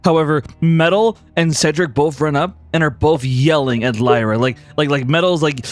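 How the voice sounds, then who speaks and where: A man's voice: fairly high pitch, normal speed, hardly any pauses, no echo, faint music behind. A man running a tabletop game, narrating scenes casually with many fillers. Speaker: game master.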